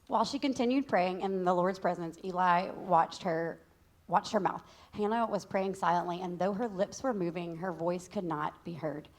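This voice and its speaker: Texan lady co-preaching w her husband, reads the bible passage, lowish voice, jokes around. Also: moderate pace. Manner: candid and joking, says y'all. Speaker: pastor's wife co-teaching. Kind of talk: sermon with scripture reading.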